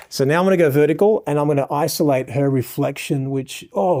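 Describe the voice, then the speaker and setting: Mellow Australian man teaching photography. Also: a little high, fairly quick. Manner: effusive, showering the model with praise; explains settings step by step to viewers. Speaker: photographer teaching a lighting lesson. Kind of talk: live instruction while shooting a portrait session.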